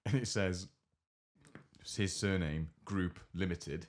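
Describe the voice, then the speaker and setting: A man's voice: low voice, slow. A man co-hosting a podcast, telling rambling, amused stories in casual chat. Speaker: podcast co-host.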